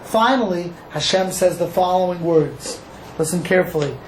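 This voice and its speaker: A male rabbi from Cleveland, Ohio, giving an animated Torah class and acting out dialogue for a live group. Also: sits high, moderate pace. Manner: animated, acts out dialogue, asks the audience questions. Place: echoey room with a small audience. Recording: echoey room with faint noise.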